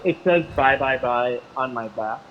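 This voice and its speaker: A man, the band's drummer, calling in as a guest and answering questions in a relaxed, deadpan way. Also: medium pitch, a little slow, crowd noise. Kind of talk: casual chat. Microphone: call-in line. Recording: dull call audio with faint noise.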